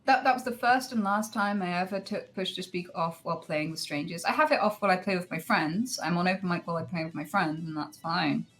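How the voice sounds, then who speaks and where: A woman's voice: fairly low pitch, fairly quick, hardly any pauses, fairly bright tone, low-quality recording. A woman telling a story in casual group chat, candid and swearing freely. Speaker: streamer guest.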